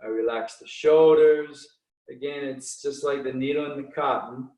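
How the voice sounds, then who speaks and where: A man leading guided breathing and meditation exercises, counting breaths slowly and calmly with frequent restarts. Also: mid-range voice, roomy sound, recorded from a distance, low-quality recording.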